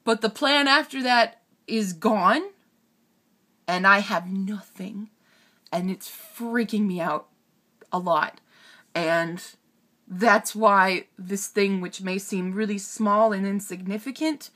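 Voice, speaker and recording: A young woman in her twenties talking to camera in a personal vlog, on the verge of tears, halting and emotional, with nervous laughs and sighs. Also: medium pitch, a bit bright. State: tearful, on the verge of crying. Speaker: vlogger.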